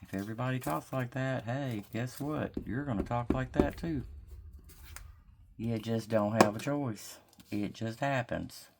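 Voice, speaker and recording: Heavy background noise surrounds this craft vlogger's rumbling low voice as she chats to camera from her desk. She's from Mississippi, drawing out her words in a Southern drawl while she talks through her craft project aloud.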